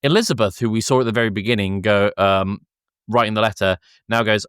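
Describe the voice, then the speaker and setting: A man co-hosting a podcast, retelling a film scene by scene in casual chat, laughing often and slipping into quick voices for the characters. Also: on the low side, fairly bright tone, clean tone, no room sound, studio quality. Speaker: podcast co-host.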